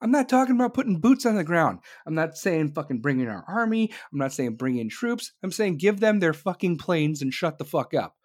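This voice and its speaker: Man from the US, angry political rant, heavy swearing, sarcastic asides, rather high voice. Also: sing-song, brisk, hardly any pauses. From United States.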